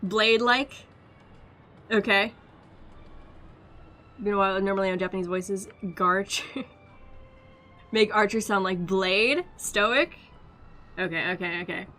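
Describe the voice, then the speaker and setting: A woman's voice: mid-range voice, takes it slowly, pauses often, bright, forceful tone, faint music behind. A woman streamer in casual chat, giggly and self-deprecating. She talks freely, laughing often as she thinks aloud.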